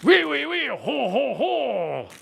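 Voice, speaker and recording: A man's voice: fairly high pitch, steady tone, a little fast, fairly bright tone, lightly acted. A man putting on a jolly, boastful cartoon Frenchman with an exaggerated mock French voice and chortling laughs. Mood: hammy, jolly. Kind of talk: comic impression on a livestream.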